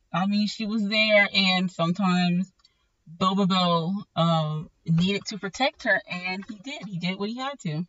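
A podcast host chatting casually about an anime, rambling and animated and often correcting themself mid-sentence. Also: mid-range voice, no echo, far from the mic. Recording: dull, lo-fi sound from slightly off the mic.

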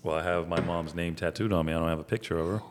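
A man in his forties, a barber co-hosting a casual podcast chat, talking in a calm, measured way with dry humor. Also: sits low, in a large hall, a little hiss or hum.

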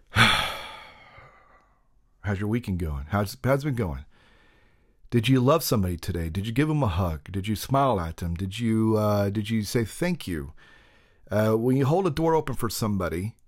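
A man's voice: fairly low pitch, lively intonation, normal speed, a little mellow. A man hosting a podcast, talking in a casual, rambling monologue full of jokey self-deprecating asides. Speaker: podcast host.

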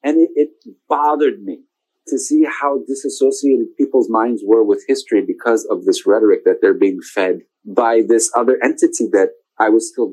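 A man's voice: on the low side, low-quality recording. A man in his forties, an interview guest telling a long personal story in a casual way, acting out what other people said and laughing often. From United States. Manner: animated, quotes others in lively voices, laughs often.

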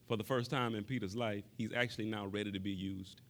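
A man preaching a sermon, talking straight to the congregation and repeating words for emphasis, moving between quiet passages and raised, impassioned ones. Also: on the low side, steady tone, fast talker, hardly any pauses.

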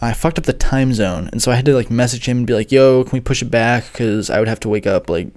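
A man's voice: mid-range voice, fast talker, a little mellow. A young man, a music producer who gives lessons online, tells a rambling, swear-heavy story full of fillers. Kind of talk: casual storytelling monologue.

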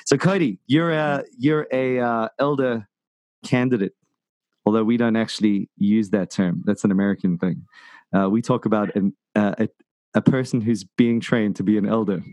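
A man's voice: fairly low pitch, fairly even intonation, moderate pace, darkish tone, no echo. A man hosting a casual podcast chat, rambling and jokey, full of ums and restarts. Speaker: podcast host.

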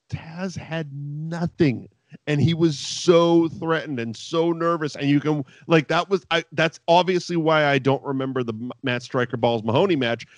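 A man hosting a podcast, telling stories in a rambling, profane, animated way. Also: on the high side, no echo. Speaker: podcast host. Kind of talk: casual chat recapping wrestling.

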